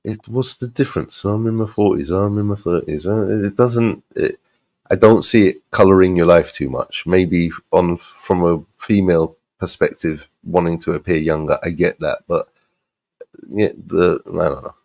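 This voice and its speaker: Host role: a man with a very low voice, casual and teasing on a live-stream panel. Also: moderate pace, darkish tone. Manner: teasing, joking, blunt.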